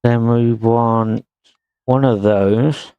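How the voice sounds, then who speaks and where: A man streaming a house-renovation game, muttering slowly to himself as he places items. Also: medium pitch, steady tone, smooth, dry recording, muffled recording. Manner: slow, muttering to himself while working. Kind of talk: casual gameplay commentary.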